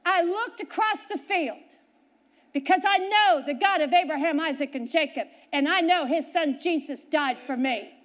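A middle-aged woman preacher giving a sermon, telling a personal story with lively swings between loud and quiet. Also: sits high, normal speed.

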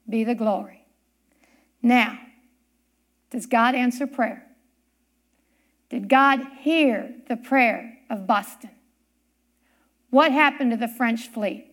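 A woman speaking from church tells a sermon story in a high-pitched voice, taking her time. She draws out words and pauses for effect, building the tale one phrase at a time.

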